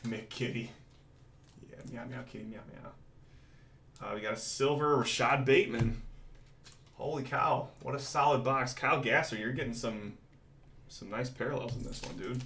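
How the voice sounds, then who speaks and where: A man hosting a live card-breaking stream, calling out each pull with hyped excitement. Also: medium pitch, moderate pace. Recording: roomy echo from mic distance, faint noise.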